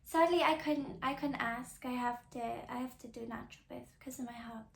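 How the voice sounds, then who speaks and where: Chatty young woman, high voice, roomy echo. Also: a little fast, creaky. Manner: chatty, many "like" fillers, soft and confiding. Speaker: podcast host. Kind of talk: casual personal storytelling.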